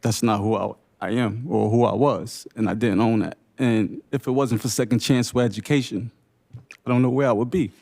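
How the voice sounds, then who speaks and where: Young guy telling his own story at a panel, earnest and emotional, halting little phrases. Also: mid-range voice, fairly even intonation, gravelly, a little mellow. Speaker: panelist sharing lived experience. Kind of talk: unscripted personal testimony at a briefing.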